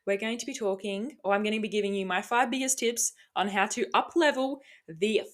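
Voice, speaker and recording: A woman's voice: medium pitch, fairly quick, hardly any pauses, fairly bright tone. A young woman talks into a close microphone on her solo podcast. She rambles cheerfully, drops casual swears and keeps catching and mocking her own slips. The delivery is loose, upbeat chat. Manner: bubbly, rambling, swears casually, laughs at herself. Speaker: podcast host. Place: home room, recording on camera.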